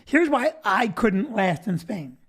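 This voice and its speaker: A man's voice: high voice, sing-song, slow, fairly bright tone, slightly rough. A middle-aged man, a comedian co-hosting a casual chat show, talking bluntly and jokingly. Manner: jokey and blunt, slips into silly voices. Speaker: comedian co-host.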